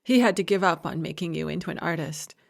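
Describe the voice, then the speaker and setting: A woman reading a fantasy novel aloud as audiobook narrator, giving every character the same gentle reading with only slight voice changes. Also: fairly low pitch, fast talker, gravelly. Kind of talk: scripted narration.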